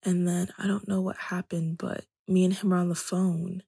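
A young woman hosting a podcast, telling her personal story in a soft-spoken way that often drops to a whisper. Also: fairly low pitch, little pitch movement, moderate pace, vocal fry, husky, dry recording. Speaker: podcast host.

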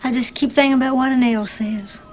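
An actress playing a tender, tearful, devoted woman in a film, speaking softly and from the heart. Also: high voice, steady tone, a little fast, natural voice. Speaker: film character.

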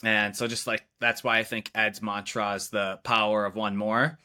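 Casting: young male co-host, bright forceful tone, slightly low voice, relaxed anecdote style. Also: moderate pace. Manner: relaxed, lots of "like" and "you know" fillers. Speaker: videographer, podcast co-host. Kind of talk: casual storytelling chat.

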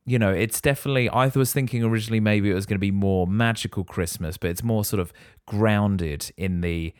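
A man's voice: lowish voice, no room sound, studio quality. A man co-hosting a casual podcast, reacting playfully and throwing in guesses about a film. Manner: playful guesses and quick reactions, laughs along. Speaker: podcast co-host.

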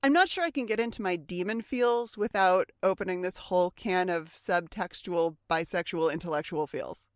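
A woman co-hosting a podcast in casual chat, animated, swearing casually and acting out quoted lines. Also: lowish voice, moderate pace, hardly any pauses, no echo, studio quality. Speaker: podcast co-host. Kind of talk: casual chat about a TV show.

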